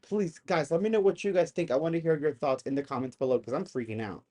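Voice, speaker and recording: A YouTube host giving excited, casual commentary on videos, chatty and easily worked up, saying "y'all". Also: medium pitch, fast. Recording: noticeable background noise.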